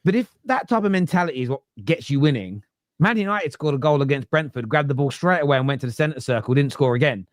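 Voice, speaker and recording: A man's voice: fairly high pitch, lively intonation, quick pace, no echo, clean studio sound. A man with a London accent hosting a casual football podcast, chatting and reading viewer comments aloud. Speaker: podcast host. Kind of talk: casual panel chat.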